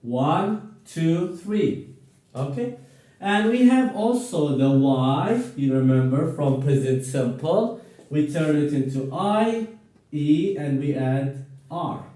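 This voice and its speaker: A man teaching a grammar lesson to a class, slow and encouraging, repeating words for students to echo. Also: a little high, animated, warm tone. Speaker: English teacher. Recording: echoey room, voice far from mic.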